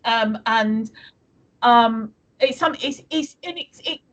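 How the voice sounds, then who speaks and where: A woman's voice: on the high side, slow, a bit bright, lo-fi sound. A woman from the UK co-hosting a live stream, chatting casually and rambling with many restarts. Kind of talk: casual chat reading viewer comments.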